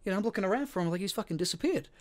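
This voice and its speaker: A very fast, expressive, high-sitting male voice. He's an Australian podcast co-host casually spinning a long story, repeating lots of words and swearing offhandedly.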